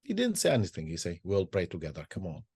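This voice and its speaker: This older man's husky, darkish voice sits low yet swings hugely in pitch as he shares personal stories, pausing, repeating words, and starting over. He is a Sufi sheikh and peacemaker from Israel with Arabic as his first language, heard in a dry, clean studio recording.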